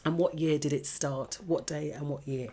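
A woman co-hosting a casual chat show, feeling a bit unwell, chatty and quick to laugh. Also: deep voice, fairly even intonation, warm tone. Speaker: podcast co-host.

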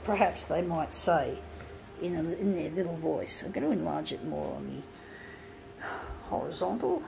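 A woman's voice: on the low side, animated, normal speed, gravelly, noisy background. A woman ranting angrily and swearing while working on a craft project, indignant and blunt. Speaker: craft vlogger.

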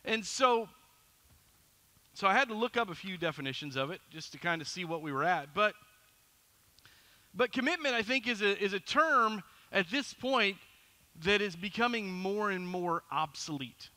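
A middle-aged man preaching a sermon as pastor, telling a story in an animated, self-deprecating way. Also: high-pitched, moderate pace.

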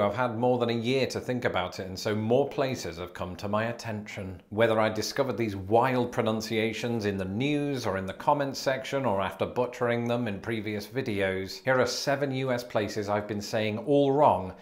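British man, wry, self-deprecating, scripted explainer, somewhat low voice. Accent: British English. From Britain. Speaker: YouTube host. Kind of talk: scripted comedic explainer to camera.

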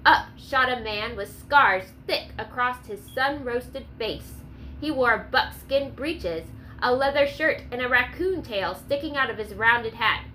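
Bright-voiced woman narrating a story. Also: a little high, expressive, a little slow, a little hiss or hum, rough recording. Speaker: audiobook narrator. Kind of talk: scripted narration.

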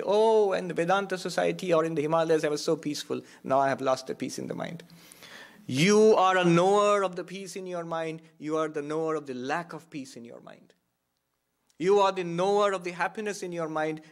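Reflective male spiritual teacher. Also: fairly high pitch. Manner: reflective, repeats key phrases for emphasis. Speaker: monk and Vedanta teacher. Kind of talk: spiritual talk.

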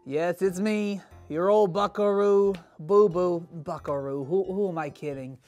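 In a kids' church skit, a performer plays a sarcastic kid who gets annoyed easily, grumbling in dry deadpan with faint music in the background. The voice is natural, medium in pitch and a little slow, and the audio sounds dull.

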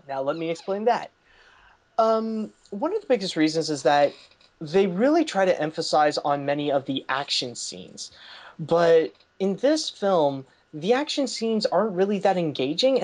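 A man hosting a podcast, chatting casually about a film and rambling with lots of "like" fillers and restarts. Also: high voice. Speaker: podcast host. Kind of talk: casual movie review chat.

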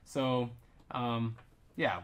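A man hosting a gaming podcast, upbeat and quick to laugh. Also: mid-range voice, fairly even intonation, clean tone. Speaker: podcast host and player. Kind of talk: casual chat.

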